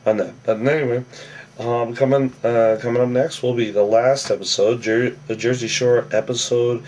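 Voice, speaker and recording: A man giving a casual, rambling episode recap, often tacking on "on that" and acting out quoted lines in a higher, louder voice. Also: little pitch movement, normal speed, recorded from a distance, slight background noise. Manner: rambling, with a habit of "on that". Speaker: reality TV recap vlogger.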